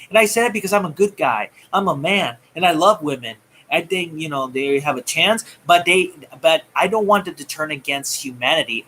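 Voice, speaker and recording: Bright-voiced man ranting heatedly. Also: on the high side, a little hiss or hum. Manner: heated, taunting, swings loud and soft. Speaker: movie news vlogger. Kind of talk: ranting commentary.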